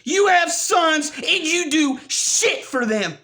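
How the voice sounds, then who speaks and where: A man delivering a furious, profane rant, often breaking into shouts. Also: very high voice, lively intonation, takes it slowly. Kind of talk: angry rant.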